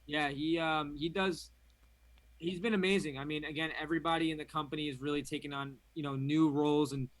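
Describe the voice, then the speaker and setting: A man's voice: a little high, fairly even intonation, a little fast, dry recording. A young man, a company founder, talking in a casual and enthusiastic way as an interview guest. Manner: upbeat, enthusiastic, filler-heavy. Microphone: remote stream.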